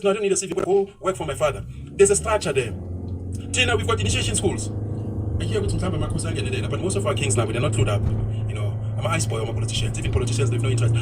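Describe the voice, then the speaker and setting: A South African man with a high voice hammers out his opinions at a quick clip and slips into Zulu phrases along the way. He sits well back from the microphone, so his voice comes through distant. A faint hiss of noise stays underneath. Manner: forceful, ranting, switches into Zulu phrases. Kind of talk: opinionated casual talk.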